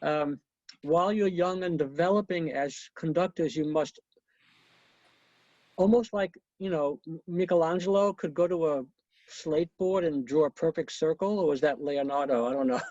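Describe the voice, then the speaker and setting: A man's voice: a little high, normal speed, darkish tone, dry recording. A man teaching an online conducting class over a video call, coaching students and counting beats aloud, with chatty asides. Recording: muffled lo-fi video call audio.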